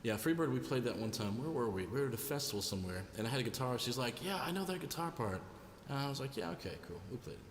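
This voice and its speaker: A man's voice: mid-range voice, animated, rapid-fire, few pauses, a little hiss or hum. A man hosting a live music stream, chatting casually and jokingly with viewers between songs and greeting them by name. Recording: roomy sound with long reverb. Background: guitar music.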